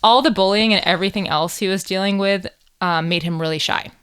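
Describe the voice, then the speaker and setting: A woman's voice: mid-range voice, brisk, fairly bright tone, clear, resonant tone. An American woman co-hosting a true crime podcast, telling the case in casual chat with jokes and swearing. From United States. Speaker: podcast co-host.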